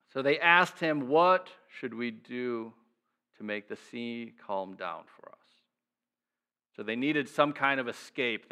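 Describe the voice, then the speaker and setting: A man preaching a sermon, reading scripture and acting out its characters with lively shifts in voice, then dropping soft and low to reflect. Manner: animated, acts out the voices of the sailors and Jonah. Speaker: pastor. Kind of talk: sermon teaching.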